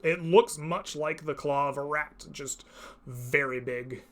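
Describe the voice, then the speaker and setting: A man narrating a tabletop game as game master, casual and lively, with plenty of "uh" and easy laughter. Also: fairly high pitch, slow pace.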